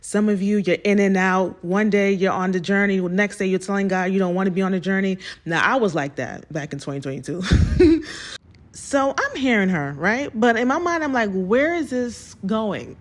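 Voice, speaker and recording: A woman hosting her own show, telling a personal story in an animated way and calling her listeners y'all. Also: medium pitch, a little fast.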